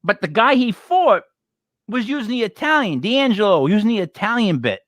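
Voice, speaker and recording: Male co-host, high and lively voice, opinionated rant, dry close sound. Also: normal speed, dry recording. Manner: animated, ranting, opinionated. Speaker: wrestling podcast co-host. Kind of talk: casual live-stream chat.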